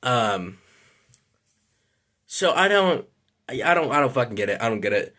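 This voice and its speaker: A man's voice: medium pitch, sing-song, normal speed, sharp tone. A man ranting in a casual vlog, frustrated and rambling, swearing often and apologizing for it. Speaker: vlogger.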